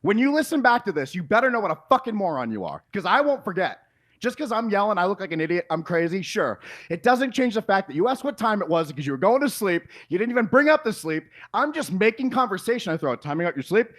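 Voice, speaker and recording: High-pitched man ranting in fury. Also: very animated, quick pace. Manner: yelling, exasperated, profane rants. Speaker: podcast host. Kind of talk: heated podcast argument.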